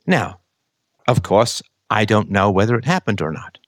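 Animated man arguing in a monologue. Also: on the low side, normal speed, no echo, studio quality. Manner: animated, acts out other people's voices in quotes; argumentative, poses rhetorical questions. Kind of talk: casual monologue commentary.

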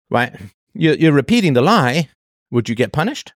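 A man's voice: fairly high pitch, sing-song, moderate pace, dry recording, studio quality. A man hosting an advice conversation, pressing a caller with probing questions and acting out quoted voices. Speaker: host.

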